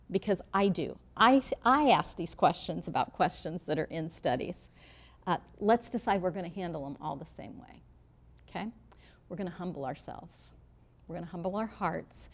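A woman's voice: fairly low pitch, darkish tone. A middle-aged woman leading a women's Bible study in a church room, talking to the group in a direct, reassuring way. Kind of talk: teaching talk to a live group.

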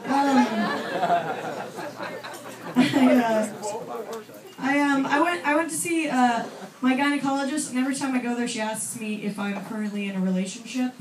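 A young woman with a bright, high voice doing a stand-up set, chatty and self-deprecating, tossing asides to the crowd. Her voice is picked up from a distance in a roomy club. Loud audience laughter rolls in behind her. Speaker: stand-up comedian. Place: comedy club stage.

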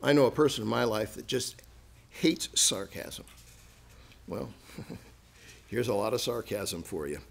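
A man's voice: mid-range voice, a little slow, vocal fry, long pauses, breathy edge. A man preaching a sermon as pastor, joking and acting out sarcastic asides. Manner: lively, jokey, acts out sarcastic asides with laughs. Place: church sanctuary.

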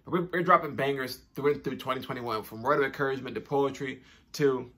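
A man's voice: medium pitch, fast talker, sharp tone. A young man hosting his own channel, talking casually straight to camera in an upbeat, chatty way with informal slang and repeated phrases. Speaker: YouTube channel host. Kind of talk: casual direct-to-camera vlog talk.

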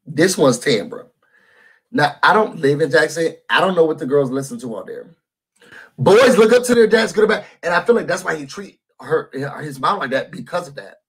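A man hosting a casual recap of a reality show, talking to viewers in a sassy, animated, chatty way and calling them y'all. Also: fairly high pitch, fairly quick, slightly rough. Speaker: YouTube host reviewing a reality show.

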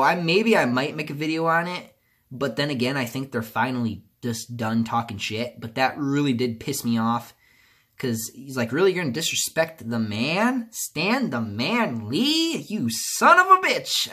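A man speaks alone to camera in a loose, rambling vlog. He restarts sentences and leans on fillers, sinking into quiet, low stretches before bursting out louder. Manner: rambling, many restarts and fillers, swings from subdued to loud outbursts. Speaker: YouTuber. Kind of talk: casual vlog monologue.

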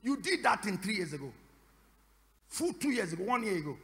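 A man preaching to a congregation in a high, bright, forceful voice that rings through a reverberant church hall. He fires repeated questions at the room, waits for answers, and at times breaks into shouted prayer. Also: big pitch swings, fairly quick. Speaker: pastor. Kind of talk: sermon. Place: church service.

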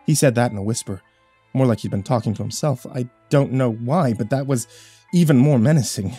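A man's voice: medium pitch, a little fast, mellow, slightly rough, no echo, faint music behind. A man narrating a first-person horror story in a tense, dramatic reading.

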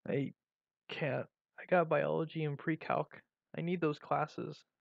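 A man voicing an exhausted, anxious teenage girl who speaks in a weak, halting way. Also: on the high side, gravelly, no echo. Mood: weary. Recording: dull lo-fi recording.

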